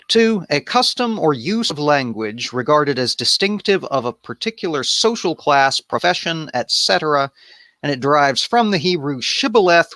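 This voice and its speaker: A man's voice: mid-range voice, sharp tone, no room sound, clean studio sound. Irreverent man musing over scripture. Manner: irreverent, wandering asides. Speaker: host of an improvised bible study. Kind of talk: casual reading and commentary.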